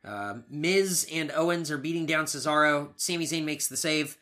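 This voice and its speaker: A man's voice: fairly high pitch, moderate pace, pushed and bright. A man co-hosting a podcast, recapping wrestling matches in casual, blunt, profane chat. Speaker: podcast co-host.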